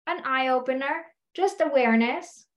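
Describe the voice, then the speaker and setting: Woman coaching, chatty and slightly high. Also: moderate pace. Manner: conversational, keeps asking "right?". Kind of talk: teaching a self-inquiry method.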